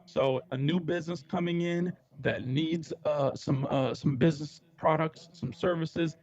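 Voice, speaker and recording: A man joins the show over a remote connection, and his audio comes through dull and muffled. His voice sits slightly high, and he delivers an earnest, practiced pitch. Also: fairly even intonation, a little slow, darkish tone. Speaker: guest. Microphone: remote call.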